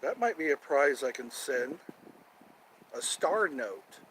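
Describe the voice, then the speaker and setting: A man's voice: medium pitch, very animated, takes it slowly, a bit bright, slight background noise, poor audio. A man hosting a casual solo livestream from outdoors near his home, rambling and repeating himself as he thinks aloud. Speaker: livestream host.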